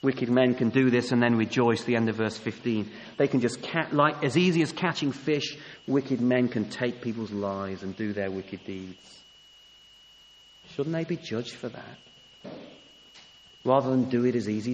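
A man's voice: mid-range voice, animated, moderate pace, a little hiss or hum. A man preaching a sermon, emphatic, often rising to a raised voice on key points. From England. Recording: long hall reverb, faint ambience.

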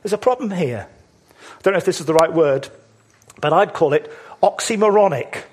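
A man with a fairly high, husky voice delivers a sermon. He speaks emphatically, posing rhetorical questions and drawing out key words for weight. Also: lively intonation, moderate pace, darkish tone. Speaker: preacher.

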